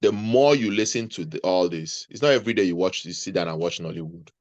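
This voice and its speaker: A very deep-voiced man talks earnestly in an interview, often restarting his sentences as he goes. The sound is dry and close, with a dull, muffled edge. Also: fast, darkish tone, dry recording. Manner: earnest, advising, repeats himself mid-sentence. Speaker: interview guest, nurse. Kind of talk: conversational interview.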